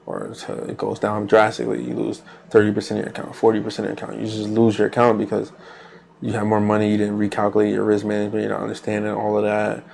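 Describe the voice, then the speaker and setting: A man's voice: fairly low pitch, monotone, quick pace, creaky, darkish tone, a little hiss or hum. A man hosting a trading channel, talking casually while he trades live, rambling loosely with repeated phrases and fillers.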